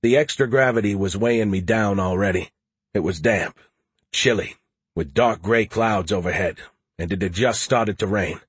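Low husky guy narrating an audiobook, wry, real dry close sound. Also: normal speed, dry recording. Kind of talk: first-person audiobook narration.

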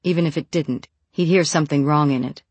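An audiobook narrator reads a novel in an even, measured voice of medium pitch with a slightly rough quality. The mic is close and the sound dry, with no echo or room around it.

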